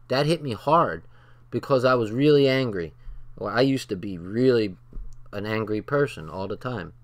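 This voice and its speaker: A man hosting his channel, reading from a text and commenting on it in a blunt, profane, casual way, with stories from his own life. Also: mid-range voice. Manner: blunt and profane, talks straight from personal stories.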